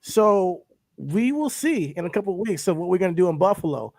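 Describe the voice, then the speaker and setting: A man's voice: sits high, very animated, a little fast, vocal fry, a little mellow, a little hiss or hum. A young man co-hosting a podcast, chatting casually about sports and boasting that his team will win, often repeating himself.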